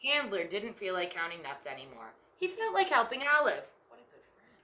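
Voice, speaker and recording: A woman reading a picture book aloud to children, lively and animated, stopping to ask the young listeners questions. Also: medium pitch, a little fast. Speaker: storyteller. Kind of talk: children's story read-aloud. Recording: echoey room.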